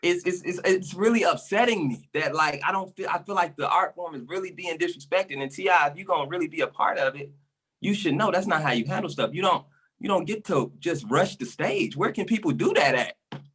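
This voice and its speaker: A man talks in a casual podcast chat, getting worked up and repeating his points for emphasis. His voice is bright and slightly husky, and he sounds a little out of breath. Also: high-pitched, sing-song, a little fast. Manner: passionate, repetitive, emphatic. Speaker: resident comic on podcast.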